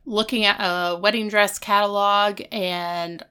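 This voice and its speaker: Woman co-host, casual recap, animated storyteller with a bright, clean tone. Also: a little slow, clear, resonant tone. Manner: animated retelling, jumps into high voices for quotes. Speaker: podcast co-host.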